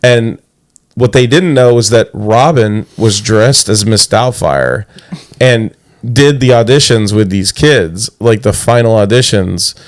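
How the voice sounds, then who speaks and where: A man co-hosting a casual movie chat, telling trivia in a relaxed way. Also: lowish voice, slow. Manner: relaxed storyteller sharing trivia. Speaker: podcast co-host.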